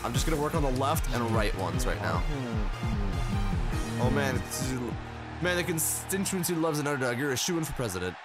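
A man hosting a let's play, reading game text aloud in an excitable, flustered way as he comments on the gameplay. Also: medium pitch, normal speed, long pauses. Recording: game music playing behind.

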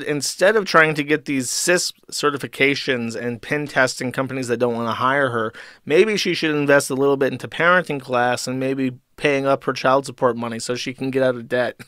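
A man's voice: mid-range voice, a bit bright, no echo, clean studio sound. A man hosting a stream, reading posts aloud and mocking them with sarcastic, profane commentary. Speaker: streamer host.

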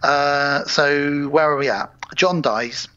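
A man co-hosting a podcast, recapping a film in a casual, animated way with lots of swearing. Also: a little high, slow pace, clean tone. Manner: animated, swearing, acts out scenes. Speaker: podcast co-host. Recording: muffled home podcast audio.

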